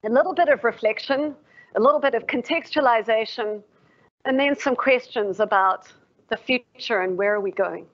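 A South African woman professor delivers a formal lecture in a slightly high voice at a moderate pace. She is reflective and poses questions to her audience. The livestream audio is dull and lo-fi.

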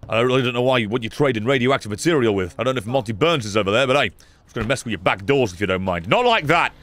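A young man giving sarcastic, swearing commentary while playing a game, with sudden loud outbursts. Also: medium pitch, animated, very fast. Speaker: gaming YouTuber. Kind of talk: let's play commentary.

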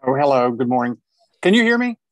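A man's voice: medium pitch, sing-song, quick pace, no room sound. An older man from Arkansas, telling a long story on a video call panel, rambling and restarting his sentences. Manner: rambling, restarts often, chuckles while telling. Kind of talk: conversational storytelling.

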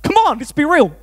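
A man, preaching a sermon in an animated, self-mocking way and often laughing. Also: very high voice. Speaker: pastor. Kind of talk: storytelling sermon.

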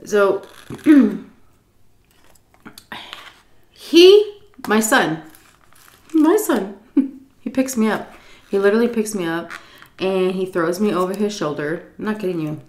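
A woman telling a story while eating, animated and profane, jumping into a high voice when she acts out quotes. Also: slow pace, pauses often, echoey room. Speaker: YouTube storyteller. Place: home, indoors.

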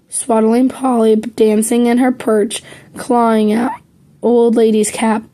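A hoarse woman reading a classic novel aloud slowly and carefully, with a few slips. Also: on the high side, flat delivery, mellow. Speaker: audiobook reader. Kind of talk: amateur audiobook reading.

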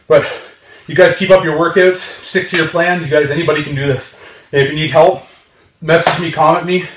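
A man's voice: fairly high pitch, fairly even intonation, fairly quick, roomy sound, recorded from a distance, slight background noise. A man filming his own workout vlog, counting reps and urging viewers on while out of breath. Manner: encouraging, counts reps with strained exhales. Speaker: fitness vlogger. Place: home gym.

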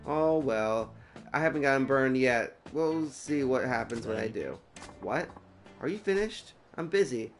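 A man's voice: medium pitch, animated, unhurried, faint music behind. A man voicing a cocky teenage girl who runs a shady shop, talking in a sassy, mocking way. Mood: smug.

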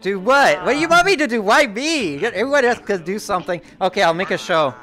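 A man chatting excitedly while playing a social VR game, often laughing and shouting in alarm. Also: high-pitched, a little fast, over music. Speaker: VRChat player and video host. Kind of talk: excitable gaming chat.

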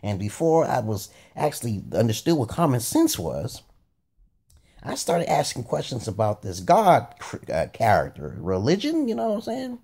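A man delivers a rambling, profanity-heavy monologue with a husky, mellow voice. His pitch leaps wildly from low grumbles to high exclamations. He keeps slipping in laughing asides as he talks. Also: wildly swooping pitch, moderate pace. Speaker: vlogger.

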